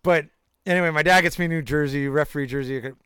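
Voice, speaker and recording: A man's voice: a little high, fast talker, fairly bright tone, smooth, no echo. A young man in casual chat, telling rambling anecdotes with bursts of laughter and crude jokes. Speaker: storyteller.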